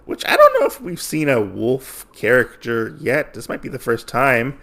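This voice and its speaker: A man with a gravelly, mid-range voice talks through a comic book story for his podcast. He rambles casually, stumbling and restarting as he goes, and his delivery stays loose and conversational. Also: medium pitch, wildly swooping pitch, moderate pace, a bit bright. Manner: rambling, heavy on fillers and restarts. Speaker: podcast host.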